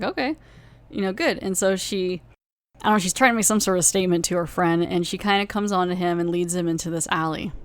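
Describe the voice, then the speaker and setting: A woman's voice: lowish voice, no echo. A woman hosting a podcast, casually recapping a TV episode in a rambling way, full of "like" and "you know" and self-corrections. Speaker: podcast host reviewing a TV episode.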